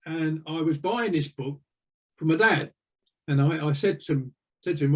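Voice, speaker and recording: A man's voice: fairly high pitch, moderate pace. Older man telling rambling stories. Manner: rambling, chuckling anecdotes with many fillers. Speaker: interview guest. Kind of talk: casual storytelling.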